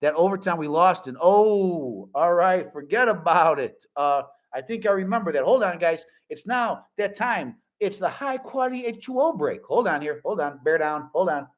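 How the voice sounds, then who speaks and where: A man's voice: a little high, normal speed, hardly any pauses. A man in his forties hosting a fan live stream, chatting casually with viewers and joking a lot. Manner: animated, joking, repeats catchphrases.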